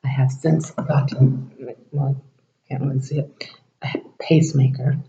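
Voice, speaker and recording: A warm, creaky, mid-range voice with little pitch variation belongs to a vlogger who tells a personal story a little slowly to camera. He rambles, performs the dialogue and occasionally slips into a whisper, recorded with a dull, roomy lo-fi quality.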